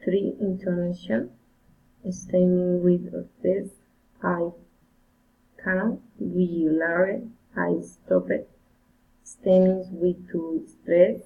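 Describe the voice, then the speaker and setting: Slow, gravelly woman reading drills. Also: fairly low pitch, level tone. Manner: careful, halting word-by-word reading with repeats. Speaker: English learner. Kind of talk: reading pronunciation drills aloud. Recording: tinny phone-like recording.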